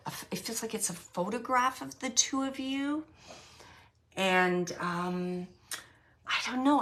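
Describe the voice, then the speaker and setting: A woman giving a mediumship reading to a sitter, speaking softly and earnestly, with halting, hesitant phrasing and many fillers. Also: lowish voice. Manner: soft-spoken, earnest, relaying messages. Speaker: psychic medium.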